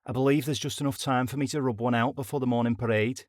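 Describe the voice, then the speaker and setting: A man's voice: mid-range voice, steady tone, quick pace, darkish tone, dry recording, studio quality, pitched above the performer's own voice, natural voice. A man voicing a cheeky, greedy young male soldier in a comedy audiobook. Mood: cocky.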